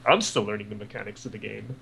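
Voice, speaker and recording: A man's voice: fairly low pitch, fast talker, vocal fry, a bit bright, a little hiss or hum, low-quality recording. A man co-hosting a podcast, rambling casually about video games with lots of fillers and swearing. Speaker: podcast co-host. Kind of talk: casual gaming chat.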